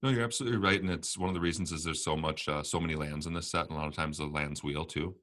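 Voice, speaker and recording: A man with a very low voice rambles through casual card game talk as a podcast co-host. He laughs easily and lets his sentences trail off. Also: fairly even intonation, racing, a bit bright.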